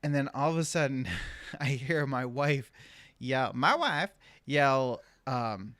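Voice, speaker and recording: A man's voice: mid-range voice, lively intonation, slow pace, a bit bright, no echo. A young adult man on a casual podcast, telling a family story with frequent laughs. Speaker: podcast co-host. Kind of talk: casual chat.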